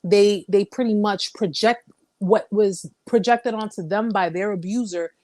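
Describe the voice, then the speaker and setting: A woman's voice: mid-range voice, measured pace, a little mellow, no room sound. Candid woman hosting a live chat. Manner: candid, emphatic, repeats phrases for emphasis; reads viewer comments aloud. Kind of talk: casual live-stream chat.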